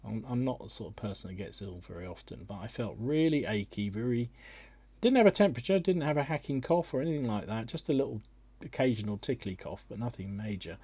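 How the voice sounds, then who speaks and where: A middle-aged man rambles through casual chat, often restarting his sentences. His voice is husky and mellow. The sound is dry, as if picked up over a video call. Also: mid-range voice, animated, fast, no echo. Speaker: podcast host.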